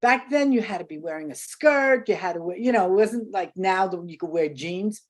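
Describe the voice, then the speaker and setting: An older woman, a guest in a casual interview, tells stories animatedly, acting out quotes and laughing often. Her voice is mid-range and she speaks at a normal speed.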